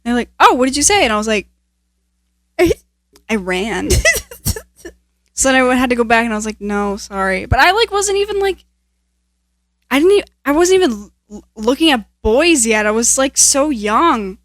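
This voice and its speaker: A young woman co-hosting a podcast, telling stories in casual chat, animated and laughing often. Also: high-pitched, brisk, dry recording, studio quality. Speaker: podcast co-host.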